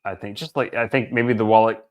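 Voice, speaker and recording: A man's voice: fairly low pitch, fairly even intonation, a little fast. A man co-hosting a casual podcast about his team, rambling and joking with his co-host and swearing freely. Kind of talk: casual chat.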